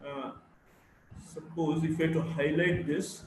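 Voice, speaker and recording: A man from India with a Bengali English accent, giving a slow phonetics lecture and reading word lists aloud, repeating words for drill. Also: fairly high pitch, level tone, recorded from a distance. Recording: very echoey room, faint background hum.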